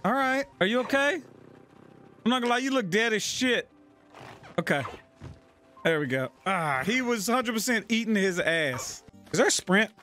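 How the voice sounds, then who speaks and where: Loud, profane, high-voiced gamer man. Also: sing-song, normal speed, long pauses, faint music behind. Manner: loud, profane, frequent shouting and laughter. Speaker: let's play host. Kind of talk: casual gaming commentary.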